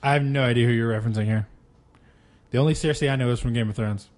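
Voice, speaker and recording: A man's voice: medium pitch, fast, darkish tone. A man co-hosting a podcast, reading out a news story and trading dry, crude, teasing banter. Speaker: podcast co-host.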